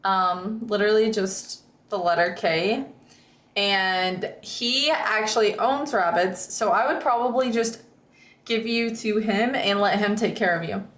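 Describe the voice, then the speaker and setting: A woman's voice: medium pitch, unhurried, fairly bright tone, reverberant. A woman streamer in casual chat with viewers, rambling and reading chat aloud.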